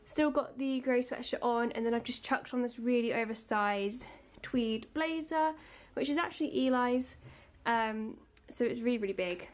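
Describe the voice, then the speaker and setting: A woman's voice: fairly high pitch, normal speed, hardly any pauses. A young woman in her twenties chatting casually to camera in a vlog, giggly and full of fillers. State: a little out of breath. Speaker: vlogger. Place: home, indoors.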